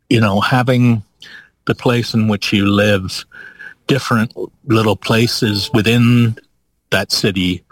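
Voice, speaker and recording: A man's voice: on the low side, no room sound, low-quality recording. A man, a professor and director, talking thoughtfully and a bit meanderingly as an interview guest. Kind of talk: casual interview.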